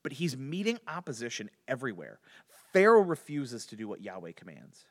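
Man, Bible study teacher, lively pitch, frequent restarts, long hall reverb. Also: brisk. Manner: animated, restarts often, chuckles between points.

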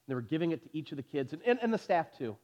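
A man in his forties preaches in a church, his voice sitting a little higher than most. He tells stories with animated energy, then sinks to a hushed, intense delivery. The recording sounds dull and lo-fi. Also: rapid-fire. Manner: animated storytelling, drops to soft intense delivery. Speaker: pastor. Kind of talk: sermon. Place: church sanctuary.

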